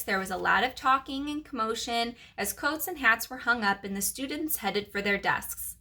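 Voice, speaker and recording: A preschool teacher reading a chapter book aloud to her class, animated and expressive. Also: on the high side.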